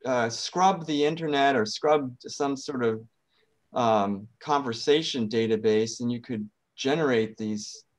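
A man's voice: mid-range voice, a little slow. A man in the audience asking a casual, hesitant question with many fillers. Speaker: audience member.

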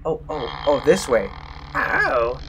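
A man's voice: medium pitch, big pitch swings, takes it slowly, gravelly, background noise. A young man playing a horror game, jumpy and exclaiming, often mocking himself. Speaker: let's play gamer.

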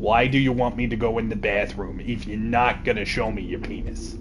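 A man playing a blunt, lazy teenage sidekick in a game, talking low and flat with a mumbled, deadpan drawl. His voice sits a little below his own. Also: brisk, noisy background, lightly acted.

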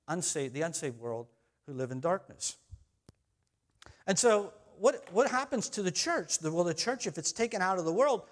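A middle-aged male pastor preaching a sermon, telling personal stories in a chatty, animated way. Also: on the high side. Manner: chatty storytelling, animated swings in loudness. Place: church sanctuary.

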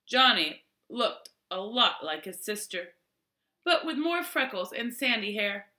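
A woman reading a children's novel aloud in a slow, careful storytelling manner. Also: medium pitch, sing-song, pushed and bright, echoey room. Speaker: audiobook reader.

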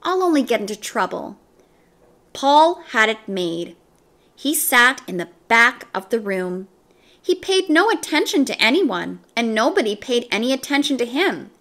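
A woman reading a children's book aloud, slow and expressive. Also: on the high side. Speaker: storyteller.

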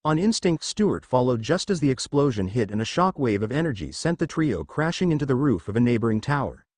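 A man narrating a fan fiction story in a steady, expressive reading voice. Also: mid-range voice, no room sound.

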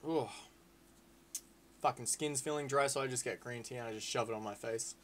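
A man giving casual, excitable gameplay commentary, swearing freely and calling his viewers lads and boys. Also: mid-range voice, moderate pace, pauses often, slight background noise. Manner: excitable, swears a lot, shouts at big moments. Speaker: gaming video creator.

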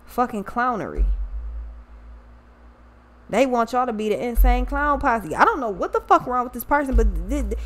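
A woman's voice: a little high, very animated, moderate pace, long pauses. Blunt, profane woman reading tarot. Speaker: tarot reader. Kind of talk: casual tarot reading vlog.

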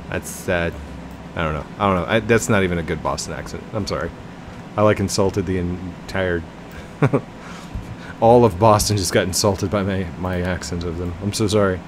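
A man's voice: low voice, moderate pace, pauses often. A man hosting a casual gameplay video, chatty and jokey, laughing and talking to his teammate. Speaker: gaming channel host. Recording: noisy background hum.

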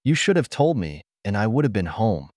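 A man's voice: lowish voice, very animated, fairly quick, darkish tone, no echo, clean studio sound. A man voicing a guilty, panicking wife who pleads and makes excuses in a flustered way. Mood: pleading.

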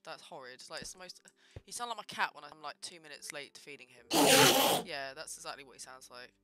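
A young woman doing casual gameplay commentary, chatting to the game's creatures and breaking into loud outbursts. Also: deep voice, normal speed. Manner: chatty, talks to game mobs, bursts into loud yelps. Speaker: gaming video creator. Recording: loud game music behind. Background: game music.

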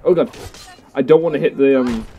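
A man's voice: mid-range voice, fairly quick, muffled recording, soft background music. A young man giving casual, goofy, self-mocking let's play commentary. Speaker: gaming youtuber.

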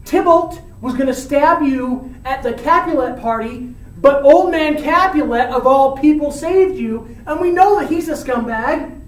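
An older friar lectures and scolds with exasperated urgency, as a woman puts him on. The voice is fairly high and sometimes rises to a shout. It sounds distant and roomy, with echo around it. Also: animated, measured pace. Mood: scolding. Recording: roomy, from far off.

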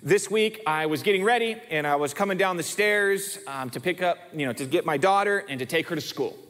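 A man's voice: high-pitched, brisk, a bit bright. A male pastor preaching a sermon in an emphatic way, often repeating words for stress. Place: church sanctuary. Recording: long reverb of a church hall.

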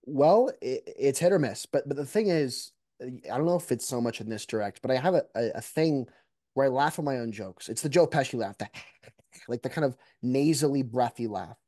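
Mellow-voiced man talking shop. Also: mid-range voice, a little fast, no echo, clean studio sound. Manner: reflective, animated, many restarts. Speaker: mock trial competitor. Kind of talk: casual interview talk.

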